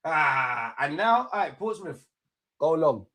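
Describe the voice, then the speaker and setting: A man streaming a live football watchalong, excitably shouting at players and the referee and bantering with his chat. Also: on the high side, slow. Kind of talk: live match reaction commentary.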